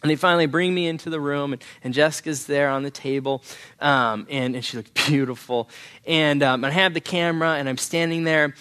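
Earnest young pastor, slightly high voice. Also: male voice, fairly even intonation, pushed and bright. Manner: earnest, halting storytelling, clears his throat often. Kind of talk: sermon with a personal story.

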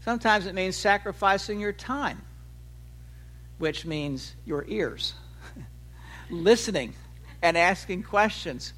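A man in his sixties delivers a sermon in a high, ringing voice. He talks with animation, lifting his pitch for quoted lines and letting his phrases trail off low and quiet. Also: slow pace, pauses often. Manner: animated preaching, voice rising for acted quotes and dropping low at phrase ends. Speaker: pastor.

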